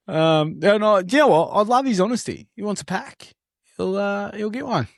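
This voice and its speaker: Lively, jokey Australian male co-host. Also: high voice, moderate pace, no echo, clean studio sound. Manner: laughing, swearing banter. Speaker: podcast co-host. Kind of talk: casual chat.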